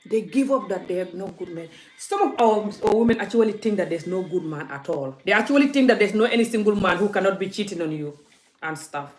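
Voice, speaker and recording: A woman's voice: medium pitch, expressive, a little fast. A woman vlogger talking to her viewers in an impassioned, emphatic, preachy way. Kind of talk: casual live vlog talk.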